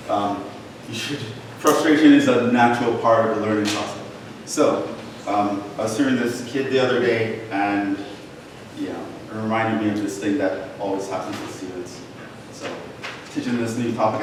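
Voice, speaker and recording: A man teaching a college math class, talking to his students in a casual, encouraging way. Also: on the low side. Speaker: math lecturer. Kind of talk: classroom lecture. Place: lecture hall. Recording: very echoey hall, voice from a distance, faint noise.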